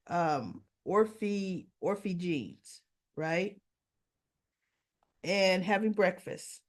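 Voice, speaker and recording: A woman hosting a soap opera recap, casually retelling scenes and acting out the characters' lines in changing voices. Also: lowish voice. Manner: animated storytelling, acts out characters' lines with shifting voices.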